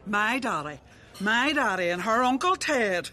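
A woman voicing an excitable, chatty middle-aged woman who laughs easily, in a radio drama. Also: on the high side, measured pace, soft background music, heavily acted. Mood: excited.

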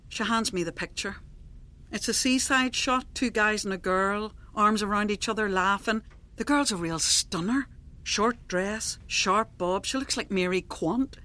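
A woman narrating a scripted dramatic monologue in a confiding, lively storyteller manner. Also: mid-range voice, measured pace.

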